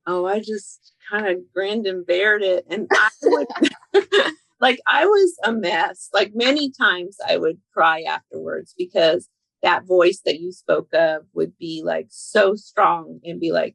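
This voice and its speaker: A woman's voice: mid-range voice, animated, unhurried, gravelly, a bit bright, no echo, rough recording. A woman guest on a podcast, talking candidly and with self-deprecating laughs. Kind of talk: casual conversation.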